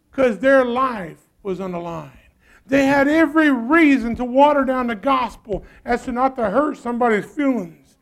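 A male pastor preaching a sermon in a church, calling out to the congregation and using folksy phrasing. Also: very high voice. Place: church sanctuary.

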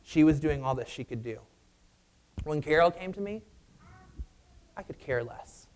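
A man preaching a sermon and telling a personal story in a conversational, animated way. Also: on the high side, a little slow.

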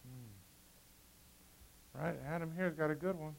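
A middle-aged man preaching a sermon, swinging between loud emphasis and quiet asides. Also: on the high side, takes it slowly, creaky, long pauses, poor audio.

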